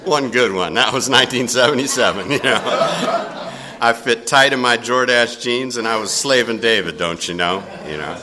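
An older man telling a personal story in a casual, animated way, chuckling often. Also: medium pitch, normal speed.

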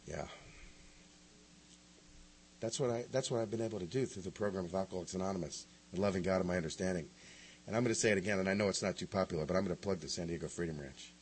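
A man giving an animated, emphatic personal talk at a recovery meeting. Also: low-pitched, quick pace, a little hiss or hum, poor audio. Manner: animated, emphatic storytelling with big swings.

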